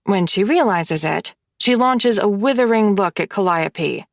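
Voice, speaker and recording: A woman narrating a first-person romance audiobook in an expressive, wry manner on a close microphone. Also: medium pitch, measured pace, vocal fry, few pauses, no echo.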